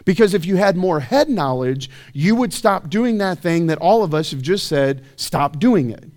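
A man's voice: a little high, lively intonation, moderate pace, a little mellow. A man preaching a sermon in a church, talking conversationally with rhetorical questions and self-deprecating asides. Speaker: pastor.

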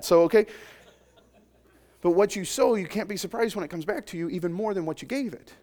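A man delivering a sermon in a somewhat high voice. He keeps it conversational and jokes with the people in front of him. He swings between loud, emphatic declarations and soft, near-intimate asides. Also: fast talker. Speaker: pastor.

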